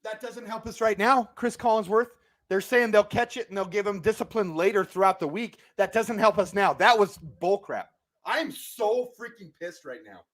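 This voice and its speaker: A man's voice: high voice, normal speed. A man hosting a live watch party, reacting to the game play by play and ranting angrily at the referees. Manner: agitated, ranting play-by-play, yelling when angry. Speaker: sports watch party host.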